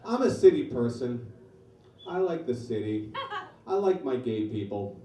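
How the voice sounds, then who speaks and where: A man in his forties doing a stand-up set, deadpan storytelling with loud punchlines, in a small comedy bar. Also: mid-range voice, unhurried. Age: 40s. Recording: echoey bar from far off. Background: audience laughter.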